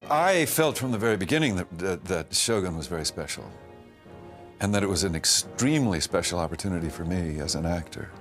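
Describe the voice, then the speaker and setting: An older man, an actor, thoughtfully recalling his work in a reflective interview, speaking in a measured way with restarts and pauses. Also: sits low, animated, soft background music. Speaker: actor recalling a past production.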